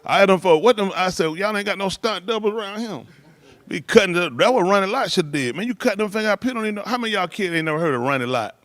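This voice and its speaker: A man's voice: high voice, animated, racing, hardly any pauses, no echo. A man telling stories in casual talk, rambling loosely and breaking into laughs. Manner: loose rambling delivery with laughs and shouted impressions.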